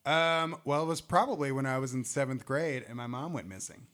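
A man's voice: mid-range voice, a little fast, background noise. A young man in casual chat, telling rambling stories and laughing them off. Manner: rambling storyteller, laughs through dark stories.

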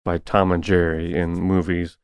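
Very deep, flat-voiced man. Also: normal speed, clean tone, no echo. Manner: brief agreeing replies, flat delivery. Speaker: podcast co-host. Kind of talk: casual chat.

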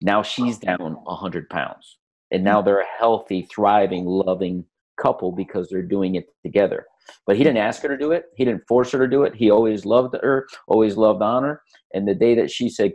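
A man with a lowish voice talks on a podcast in a casual, animated way. He coaches from stories and jumps up in pitch to act out what people say. He sounds middle-aged. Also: moderate pace. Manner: animated storyteller acting out quotes. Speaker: podcast guest, lifestyle coach.

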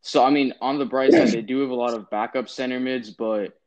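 A man's voice: medium pitch, fairly quick, darkish tone. A young man co-hosting a casual sports podcast, giving opinions with lots of ums and restarts. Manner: opinionated, hesitant with many fillers. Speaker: podcast co-host. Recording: dull lo-fi sound.

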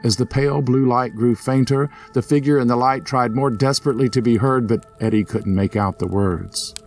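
A man narrating a scripted ghost story in a steady storytelling manner. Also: normal speed, faint music behind. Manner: steady storyteller, voices characters with lifted pitch. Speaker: narrator and host.

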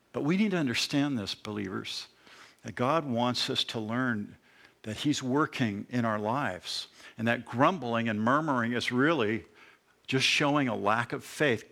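A middle-aged pastor preaching a sermon, with a bright, forward tone at an ordinary pitch. He reads scripture aloud and talks it over with his listeners in a conversational way, breaking into lively asides. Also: vocal fry.

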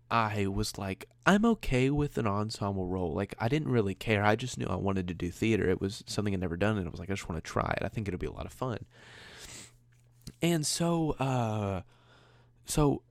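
A man's voice: low-pitched, darkish tone, dry recording, clean studio sound. A man hosting his own podcast, rambling casually and conversationally, with a self-deprecating streak. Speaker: podcast host. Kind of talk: casual solo podcast chat.

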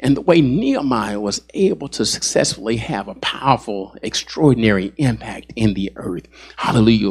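A man's voice: fairly low pitch, expressive, moderate pace, vocal fry, husky. A man, a pastor, preaching a sermon and punctuating his points with "yes, Lord" and "hallelujah.".

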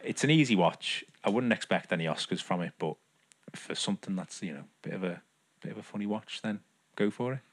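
A man's voice: on the low side, animated, brisk, no echo. A man, co-hosting a podcast in casual, rambling chat full of fillers and restarts. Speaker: podcast co-host.

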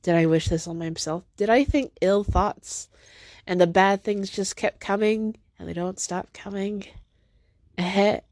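A woman's voice: mid-range voice, measured pace, a little mellow, no echo, clean studio sound. A woman hosting her own podcast in a casual, rambling solo monologue from home, teary after crying, self-deprecating and stopping to talk to her cat. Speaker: podcast host.

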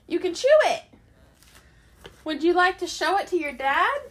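High, sing-song woman coaxing her cat. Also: animated, measured pace, sharp tone, slight background noise. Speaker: pet owner and podcast host. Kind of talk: baby talk to a pet cat.

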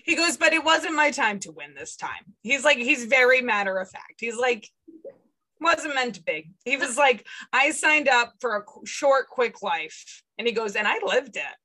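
Bright woman medium relaying quotes with laughter. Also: a little high, normal speed, poor audio. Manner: relays a spirit's words in lively quoted bursts, laughing often. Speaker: psychic medium guest. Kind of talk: casual podcast chat.

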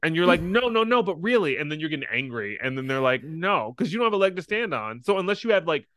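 A young man co-hosting a podcast, telling a story in an animated way, laughing often and acting out voices. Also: a little high, racing, clear, resonant tone, dry recording, studio quality. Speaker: podcast co-host. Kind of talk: casual chat.

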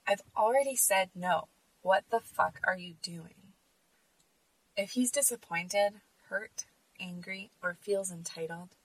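A woman's voice: fairly low pitch, a bit bright, husky, dry recording, far from the mic, low-quality recording. A woman hosting a podcast, speaking in an earnest, emphatic personal monologue. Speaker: podcast host.

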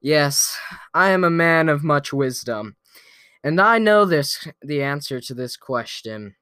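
Slow-talking playful male vlogger. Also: a little high, animated, sharp tone, clean tone, no room sound, clean studio sound. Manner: playful, slow and drawn-out, chuckling often. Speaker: vlogger telling a weekly story. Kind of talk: casual storytelling to camera.

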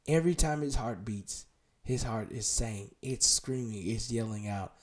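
A man preaching a podcast sermon, firing direct questions at the listener and dropping to a hushed, tender voice. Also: medium pitch, flat delivery, a little slow.

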